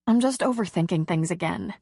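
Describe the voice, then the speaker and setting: A woman's voice: fairly low pitch, expressive, fairly quick, warm tone, husky, dry recording, clean studio sound. A woman voicing an emotional, shaky-voiced woman. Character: emotional, insecure woman, tearful and breathless.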